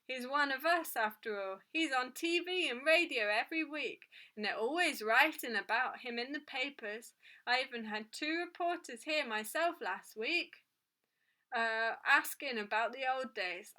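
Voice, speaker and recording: A woman's voice: fairly high pitch, bright, forceful tone. A woman reading aloud, voicing a harried male café owner who speaks hurriedly and nervously.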